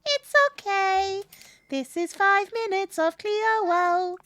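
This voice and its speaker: A woman's voice: very high voice, steady tone, slow, a bit bright, dry recording, pitched above the performer's own voice, exaggerated voice. A woman voicing a small cranky owl that sounds like a puppet, grumbling through game commentary. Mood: grumpy. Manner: grumbling, chatty commentary to chat. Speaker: streamer.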